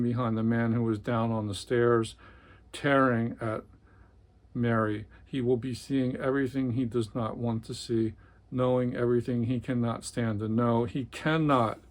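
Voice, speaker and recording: A man hosting a book review channel, reading a novel passage and then discussing it. He talks in a conversational, slightly halting way. His voice sits in a middle pitch. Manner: conversational, hesitant with fillers.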